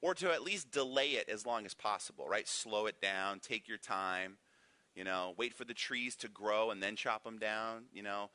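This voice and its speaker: With no echo, a man's fairly low, sharp voice moves at a normal speed. He's teaching an easygoing Bible lesson in a church classroom, talking conversationally and leaning on rhetorical "right?" questions.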